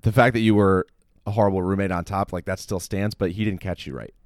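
A young man with a very low voice trades casual banter on a podcast, mostly agreeing and teasing his friend. The recording is close and dry. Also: fairly even intonation, fast, no echo. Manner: short agreeing replies, teasing. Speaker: podcast co-host. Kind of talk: casual chat.

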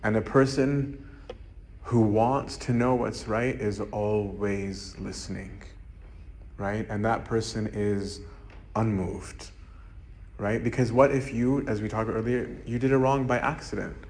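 A man's voice: lowish voice, fairly even intonation, unhurried, a little mellow. A man, a monk, giving an informal, conversational sermon and often checking in with "right?". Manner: conversational, keeps asking "right?". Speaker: monk preacher.

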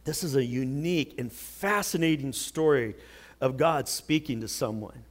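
A man preaching a sermon, telling a Bible story with dramatic swings from loud outbursts to hushed words. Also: medium pitch, moderate pace. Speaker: pastor.

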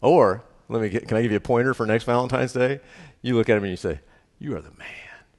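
A man, a pastor, preaching a sermon in a lively, conversational way, often checking in with the congregation. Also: medium pitch, fast talker, long reverb tail. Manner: lively, conversational preaching with frequent "right?" asides.

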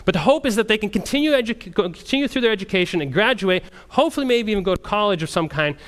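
A man who works as a missionary, telling a story to a group in an animated way and often restarting his sentences. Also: high-pitched, racing. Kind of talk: storytelling testimony talk.

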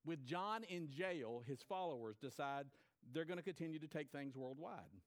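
A man's voice: fairly high pitch, normal speed. A man preaching a sermon, retelling a story with repeated phrases and acted-out quotes. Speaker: pastor.

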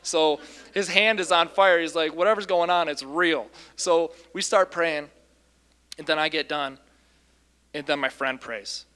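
A man casually recounting a deliverance story as a Christian minister, lively, with frequent ums and restarts. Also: a little high, unhurried, clean tone.

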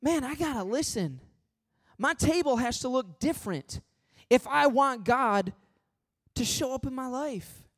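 A man preaching a sermon as pastor, swinging from loud pleading questions to hushed, earnest appeals. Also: extremely high pitch, expressive, unhurried.

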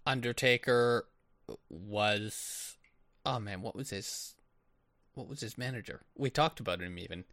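A man with a bright, forceful voice talks slowly in casual podcast chat. He thinks aloud and asks questions to check his understanding. The sound is dry, with no room around it. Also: on the low side, no room sound. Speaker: podcast co-host.

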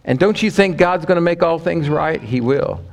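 A male preacher delivering a sermon, telling a story dramatically and often dropping to a hushed, low voice. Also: moderate pace, creaky.

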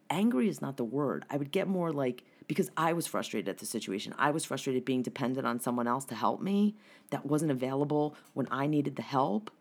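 Very low-voiced woman, swearing storyteller. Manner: profane, blunt, animated retelling. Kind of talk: casual chat, storytelling.

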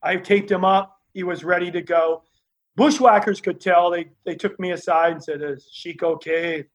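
A man telling lively stories as a guest, acting out the other people in his tales. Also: sits high, moderate pace, poor audio. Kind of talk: animated anecdotal storytelling.

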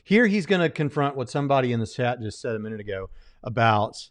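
Guy cohosting a show, lively up and down voice, argues his case point by point. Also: mid-range voice, fast. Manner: argumentative, builds a case step by step. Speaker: podcast co-host. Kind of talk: casual commentary.

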